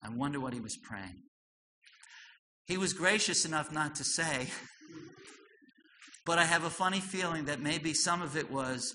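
A man preaching a sermon, swinging from loud emphatic lines to soft, low asides. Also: a little slow, long pauses. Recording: long hall reverb with faint noise.

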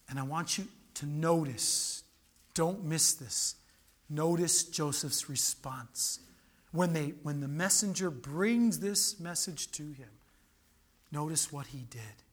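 A man preaching a sermon, animated and dramatic, with sudden loud outbursts and questions thrown to the congregation. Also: a little high, takes it slowly, pauses often.

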